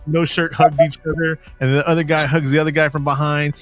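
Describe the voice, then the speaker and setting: A man's voice: fairly high pitch, little pitch movement, a little fast, hardly any pauses, a bit bright, faint music behind. A man hosting a podcast in casual chat, teasing his co-host and breaking off to plug the show. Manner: joking, teasing, and plugging the show.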